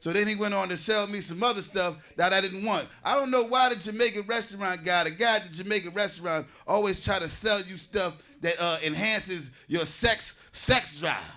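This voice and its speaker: A man's voice: high voice, moderate pace, hardly any pauses, pushed and bright. A man in his forties from New Jersey doing a loose, conversational stand-up set, riffing with the audience on a comedy stage. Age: 40s.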